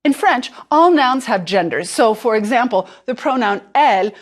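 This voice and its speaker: A woman teaches a language lesson, speaking clearly and deliberately. She slows right down on the words she wants repeated. Her voice moves up and down a lot as she explains. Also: on the high side, expressive. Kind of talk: instructional narration.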